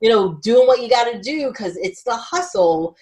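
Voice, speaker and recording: A woman hosting a podcast, talking in a casual, animated way with lots of filler words. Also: on the high side, normal speed, creaky, rough recording. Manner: animated, chatty, many "like" fillers. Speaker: podcast host. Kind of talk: casual chat.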